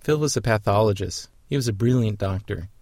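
A man narrating a personal documentary story in a quiet, somber, reflective way. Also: on the low side, a little fast, dry recording.

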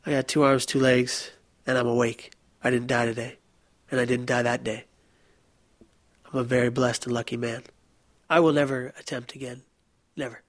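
Young man, earnest halting delivery, dry close sound. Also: medium pitch, little pitch movement, no echo. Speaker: interviewee. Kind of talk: recounting personal story.

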